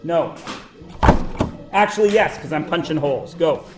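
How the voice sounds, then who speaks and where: A male teacher with a slightly high voice tells playful, joking anecdotes at a moderate pace, his intonation bouncy and animated. The recording is very noisy, with a roomy classroom sound, capturing casual classroom talk.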